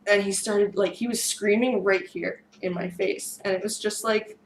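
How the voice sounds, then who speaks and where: A woman whose voice is strained and fraying tells a long storytime to camera. She rambles, circles back and fills pauses with ums, at an ordinary mid pitch. A faint hiss sits under the recording. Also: steady tone, poor audio. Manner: rambling, many fillers and restarts. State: losing her voice. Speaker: vlogger. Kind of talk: storytime monologue.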